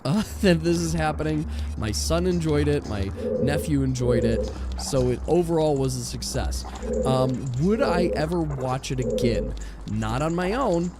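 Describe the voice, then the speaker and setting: A man's voice: a little high, animated, unhurried, very noisy. Rambling man streaming a game. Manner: rambling, self-mocking, talks to himself while playing. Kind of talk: casual gaming stream chat.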